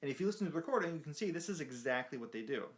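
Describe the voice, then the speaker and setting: A man's voice: fairly high pitch, animated, rapid-fire. A man teaching a beginner ukulele lesson, explaining patiently and counting beats aloud while he strums. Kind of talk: music lesson. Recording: ukulele playing behind voice.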